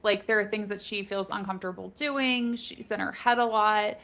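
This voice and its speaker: A woman's voice: medium pitch, fairly even intonation, normal speed, a bit bright. Chatty woman co-hosting a book chat. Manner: speculative, chatty, many "like" fillers. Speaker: book discussion co-host. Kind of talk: casual live book chat.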